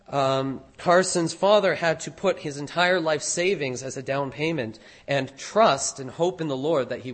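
A man, a pastor, preaching a sermon in an earnest, deliberate way, stressing key phrases. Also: on the high side, a bit bright.

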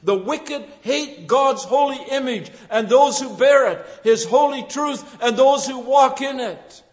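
An older man preaching a sermon with passion, swinging from hushed tones to shouts. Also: very high voice, a little slow, long reverb tail.

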